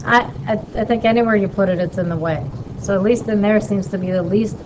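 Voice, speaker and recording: A woman instructor walking through a drawing in a casual lesson and checking in with quick questions. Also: mid-range voice, noisy background. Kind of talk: casual screen-recorded lesson.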